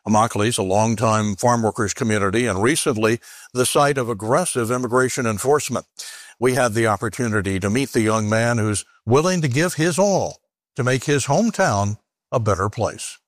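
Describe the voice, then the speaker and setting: A man reading a scripted radio news feature as anchor, in a measured newsreader delivery. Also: mid-range voice, no echo, studio quality.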